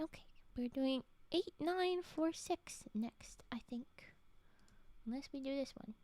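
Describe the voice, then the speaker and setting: A woman chatting on her live stream between stories, rambling and giggly, often slipping into soft whispers. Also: high voice, measured pace, no echo. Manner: giggly, gushing. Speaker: streamer and story reader. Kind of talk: casual live-stream chat.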